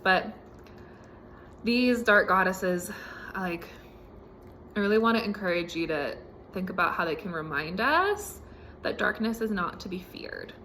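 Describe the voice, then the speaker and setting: A woman hosting a spiritual podcast, speaking in a relaxed and casual way with many fillers, recorded at home. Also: medium pitch, unhurried, long pauses, a little hiss or hum. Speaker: podcast host.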